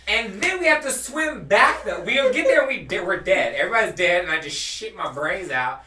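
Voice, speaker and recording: A man's voice: high voice, normal speed, slight background noise. A young man telling a rowdy story in casual chat on a live stream. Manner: animated, laughing storyteller. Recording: echoey room, mic at a distance.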